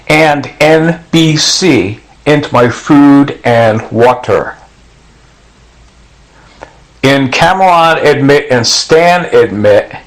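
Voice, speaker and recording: A man's voice: on the high side, poor audio. A middle-aged man in an agitated, rambling monologue, acting out other people's words as he goes. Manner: intense, rambling, acts out other people's quotes. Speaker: vlogger.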